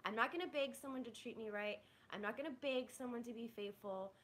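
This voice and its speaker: A woman's voice: a little high, brisk. A young woman on a livestream, venting bluntly to her chat, swearing and restarting her sentences. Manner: frustrated, blunt and profane, with many "like"s and restarts. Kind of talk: venting live to stream chat.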